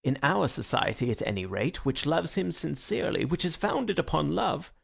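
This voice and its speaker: A man's voice: fairly high pitch, big pitch swings, moderate pace, gravelly, breathy edge, exaggerated voice. A man voicing an earnest male anarchist poet making a persuasive speech in an audiobook. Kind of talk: audiobook character reading.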